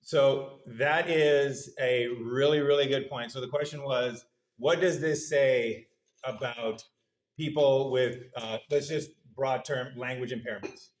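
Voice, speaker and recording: A man's voice: medium pitch, steady tone, slow. A male university lecturer giving a conversational, good-humored lecture, putting questions to the audience in a lecture hall.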